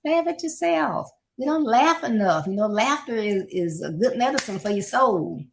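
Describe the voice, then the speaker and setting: Gravelly-voiced woman giving life advice. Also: a little high, lively intonation, moderate pace, slight background noise. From Florida, United States. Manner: warm, encouraging, repeats key points with little asides. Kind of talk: casual motivational talk.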